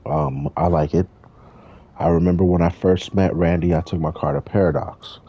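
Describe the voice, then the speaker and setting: A man's voice: sits low, steady tone, moderate pace, breathy edge, highs cut off. A young man rambling through a casual, profane Q&A with viewers while playing a driving game. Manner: rambling, profane, loose slang. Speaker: YouTuber answering viewer questions.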